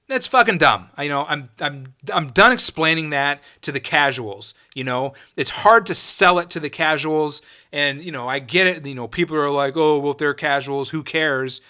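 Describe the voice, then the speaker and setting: A man's voice: fairly high pitch, pushed and bright, clear, resonant tone. A man hosting his own podcast, ranting in a heated, profane and emphatic way. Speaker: podcast host. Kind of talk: solo podcast rant.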